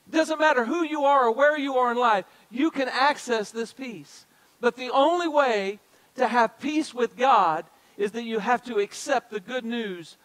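A man's voice: extremely high pitch, a bit bright, rough recording. A man as a pastor preaching a sermon, speaking directly to the congregation and repeating key phrases for emphasis. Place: church sanctuary.

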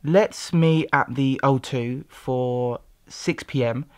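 A woman's voice: a bass voice, slow pace, a little mellow, voice pushed down. A woman voicing one of two friends in a scripted dialogue, casually suggesting weekend plans. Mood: upbeat.

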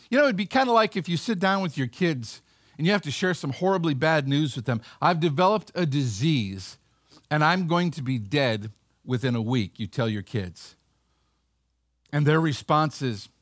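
A man's voice: high-pitched, lively intonation, a little fast, a bit bright, no echo, studio quality. A male pastor giving a sermon in a conversational way, acting out the voices of the people in a Bible story.

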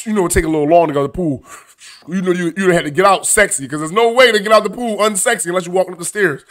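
A man hosting a comedic news commentary show, animated, profane and mocking as he reacts to clips. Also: high voice, racing.

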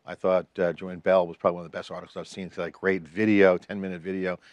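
Man, deep voice, dry studio sound, casual podcast chat, rambling. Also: little pitch movement, quick pace, no echo, highs cut off. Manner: rambling, chatty, restarts phrases. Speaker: podcast co-host.

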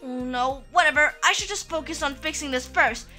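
A woman voicing an excitable, cheerful girl who narrates her building in a bubbly, exclamatory way. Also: sits high, brisk, lightly acted. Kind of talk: gameplay role-play commentary. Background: background music.

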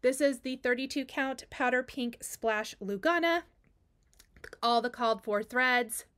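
Gushing chatty woman, slightly high voice. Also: measured pace, fairly bright tone, clear, resonant tone. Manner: gushing, chatty, repeats words for emphasis. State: has the hiccups. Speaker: cross stitch video host. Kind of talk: casual show-and-tell chat.

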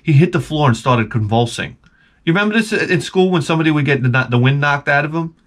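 A middle-aged man rambles through stories in a casual vlog monologue. He swears freely, and his pitch swings up and down all the time. His voice sits a bit high for a man. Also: fast talker, noisy background. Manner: rambling, profane, animated storytelling. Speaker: vlogger.

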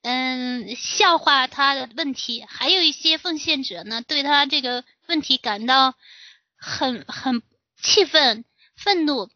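A woman interpreting a lecture phrase by phrase, with fillers and pauses between her phrases. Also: sits high, bright, forceful tone, no echo. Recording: dry, lo-fi recording.

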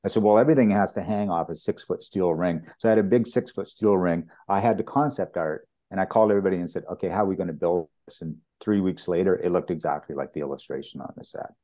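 A deep-voiced Canadian property master, a guest in an interview, tells anecdotes as an animated storyteller who acts out quoted dialogue. He talks fast with hardly any pauses.

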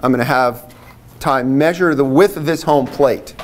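An older man in his sixties gives a retirement lecture to a room of colleagues and students. He talks in a relaxed, chatty way, with frequent fillers and restarts. His voice sits at an ordinary middle pitch for a man. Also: normal speed, background noise. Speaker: biology instructor.

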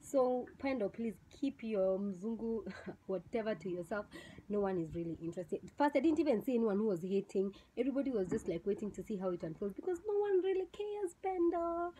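A woman's voice: a little high, expressive, brisk, mellow, a little hiss or hum, poor audio. A young woman with a Kenyan accent giving a blunt, scornful review on her vlog channel, mixing in Swahili slang. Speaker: vlogger reviewing a TV show. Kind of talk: casual opinionated review.

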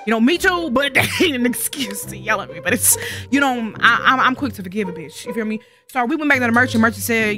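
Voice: medium pitch, animated, fast, over music. A young adult gaming YouTuber giving casual gameplay commentary, sassy and rambling, full of profane trash talk.

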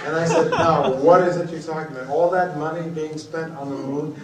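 A man giving an animated, blunt storytelling speech at a book conference. He swings from low asides to loud shouted outbursts. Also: fairly quick, recorded from a distance, a little hiss or hum. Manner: blunt and profane. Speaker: guest speaker at a book conference. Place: conference hall. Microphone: PA system taped from the audience on a cassette recorder. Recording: echoey hall, taped from the audience on cassette.

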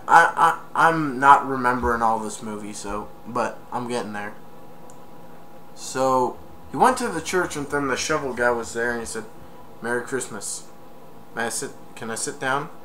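A man casually retelling a movie plot in a rambling, excitable way for a home video review. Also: mid-range voice, a little hiss or hum.

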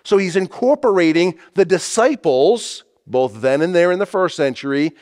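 A man's voice: high voice, animated, moderate pace, darkish tone. A man preaching a sermon as pastor, reading scripture aloud and stressing key phrases emphatically.

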